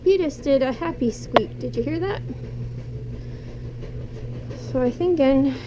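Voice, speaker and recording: Soft-spoken woman soothing her pets. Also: sits high, a little fast, dull audio, noisy background. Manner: soothing, talks softly to animals. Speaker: pet vlogger. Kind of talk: casual talk to pets while cleaning cages. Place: indoor room with pet cages.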